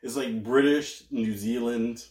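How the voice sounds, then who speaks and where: A man in casual podcast chat, lively and laughing along. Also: medium pitch, a little slow, distant mic. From Canada. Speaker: podcast co-host. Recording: echoey, a bit off-mic.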